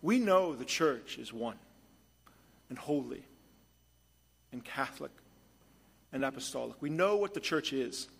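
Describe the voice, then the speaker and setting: A man preaching a sermon as pastor, moving between hushed storytelling and emphatic points. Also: medium pitch, animated, measured pace, gravelly, long pauses, slightly rough.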